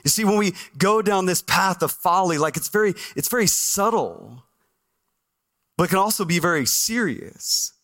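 A man with a high voice preaching a lively Sunday sermon from the stage. He talks straight to the congregation, quizzing them and acting out their excuses in funny voices. The sound has the feel of a church stage microphone. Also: normal speed. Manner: animated, asks the congregation questions, acts out listeners' voices. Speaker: pastor.

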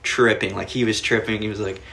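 A man's voice: on the low side, steady tone, brisk, vocal fry, pushed and bright, slight background noise. A young man telling a long story in casual chat, rambling with lots of filler words and cursing. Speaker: podcast guest.

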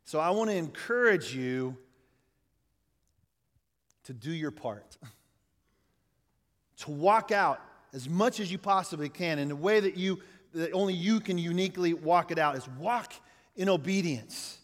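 Man, middle-aged, pastor, conversational sermon, high voice, long church-hall reverb. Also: animated, unhurried, pauses often. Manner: conversational preaching, asks the congregation questions.

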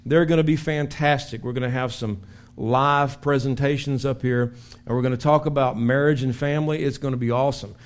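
A man preaching a sermon as pastor in a church, telling stories with lively acted-out shouts. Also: medium pitch, brisk. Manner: animated storytelling with acted-out shouts. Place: church sanctuary.

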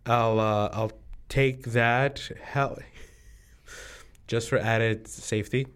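A man's voice: mid-range voice, steady tone, extremely slow, fairly bright tone, clean tone. A man playing a tabletop role-playing game, laying out his character's plans in a laid-back, rambling way. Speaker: player. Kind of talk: casual tabletop game talk.

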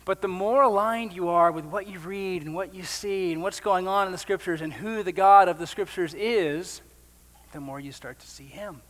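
A man's voice: high voice, moderate pace, a bit bright, long reverb tail. A male pastor preaching a sermon in a conversational way, with joking asides.

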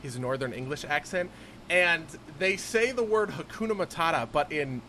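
A young man co-hosting a casual podcast about role-playing games, animated and quick to laugh. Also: a little high, slight background noise, rough recording. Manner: animated, laughs often, lots of fillers. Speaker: podcast co-host.

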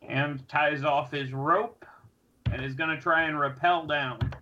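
Bright-voiced man on a dull lo-fi mic. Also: a little high, steady tone, unhurried, far from the mic. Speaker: player. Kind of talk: tabletop role-play. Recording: dull lo-fi mic with faint noise.

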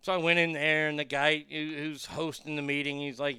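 A man telling a profane, animated story in casual chat, with lots of fillers and restarts. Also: a little high, brisk, hardly any pauses, smooth, dry recording, studio quality. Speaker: comedian and podcast guest.

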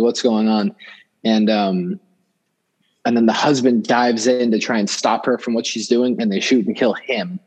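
A man's voice: fairly low pitch, darkish tone, rough recording. A young man telling a personal story in casual talk, rambling with many fillers and restarts. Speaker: guest storyteller.

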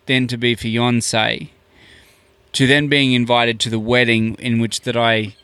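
A man's voice: mid-range voice, a little slow, clear, resonant tone, dry recording. A man, a podcast guest telling a long story casually and acting out the dialogue. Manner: animated, acts out quoted dialogue with many "I'm like".

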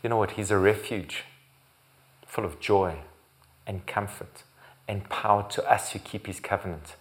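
A man preaching a sermon as pastor, building to loud, emphatic repeated phrases and sometimes correcting himself. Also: lowish voice, moderate pace. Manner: occasional restarts and self-corrections.

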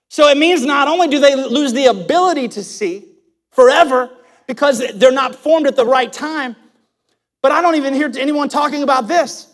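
A male pastor preaching a live church sermon with passionate emphasis, calling on the congregation to repeat after him. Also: very high voice. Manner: passionate, emphatic preaching with audience call-and-response.

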